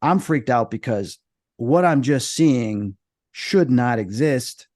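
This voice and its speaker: A man, a podcast guest, telling a personal story in an animated, dramatic way. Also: mid-range voice, slow pace, no echo, clean studio sound. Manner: dramatic, acts out quoted voices.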